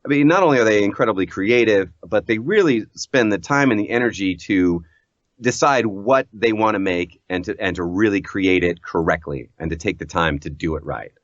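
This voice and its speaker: A man who works as a voice actor, chatting casually as an interview guest in an animated, self-deprecating way and laughing often. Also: fairly low pitch, moderate pace, dry recording. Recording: dull lo-fi audio.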